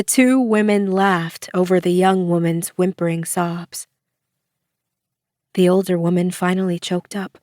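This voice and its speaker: Unhurried woman narrating an audiobook. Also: on the low side, fairly even intonation, darkish tone, no room sound, clean studio sound.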